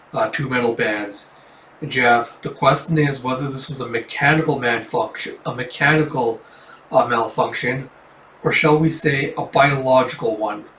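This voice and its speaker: A man casually reading through a comic aloud, filling pauses with "uh" and "like". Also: mid-range voice, fairly bright tone, a little hiss or hum. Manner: casual, filler-heavy reading. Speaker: comic reader. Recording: roomy, slightly distant mic.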